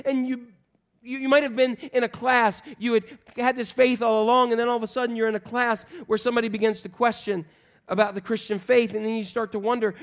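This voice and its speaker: High-voiced joking preacher. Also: male voice, normal speed. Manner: conversational, joking, quizzes the congregation. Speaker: pastor. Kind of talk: sermon.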